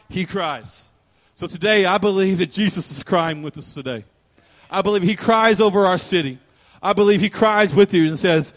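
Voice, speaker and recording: A man preaching a sermon as pastor, emotional and rising to fervent preaching. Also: a little high.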